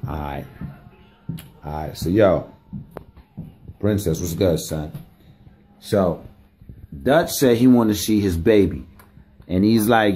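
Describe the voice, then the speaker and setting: A young man doing comic, slangy commentary as a mock mediator, scolding and coaxing in animated bursts. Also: deep voice, takes it slowly, pauses often, husky. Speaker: comedic vlogger. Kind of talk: comic running commentary to dogs.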